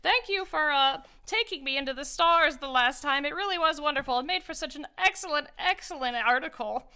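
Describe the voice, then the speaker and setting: Woman doing a high gushing little gnome. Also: fairly quick, pushed and bright. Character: chipper excitable small male gnome.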